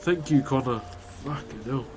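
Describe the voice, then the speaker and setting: A man's voice: medium pitch, moderate pace, soft background music. A young man with a New Zealand accent chatting casually while streaming, joking, swearing and laughing often as he carves wood. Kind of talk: casual live-stream chat.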